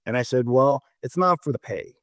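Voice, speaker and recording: Man, middle-aged, mayor, halting repeated starts, storytelling, dry close sound. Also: medium pitch, animated, no echo. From North Dakota. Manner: halting, repeats words, tells stories. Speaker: mayor, guest. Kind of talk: casual discussion.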